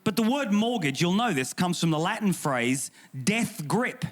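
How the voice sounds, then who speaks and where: English male pastor, slightly high voice, humorous and emphatic panel speaker. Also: sing-song, unhurried. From England. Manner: humorous, emphatic and indignant, with repeated restarts. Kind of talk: panel discussion talk.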